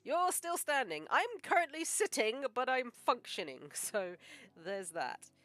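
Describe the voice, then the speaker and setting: A woman animator chatting casually on a live stream while she draws, joking and thinking out loud. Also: a little high, sing-song, a little slow. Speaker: animator streaming her work.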